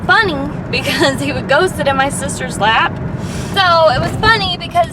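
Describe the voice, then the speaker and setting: Chatty young woman, loud road noise. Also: high voice, lively intonation, normal speed, distant mic. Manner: chatty, says "like" a lot. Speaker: vlogger. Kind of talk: casual storytelling vlog. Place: car, sister holding camera.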